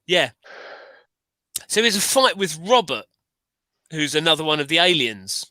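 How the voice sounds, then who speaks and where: A man chatting casually on a livestream, enthusiastic and rambling, often restarting his sentences. His voice is bright and forceful, a little high for a man. The sound is dry and close. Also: sing-song, normal speed, no echo. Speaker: livestream co-host. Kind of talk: casual chat.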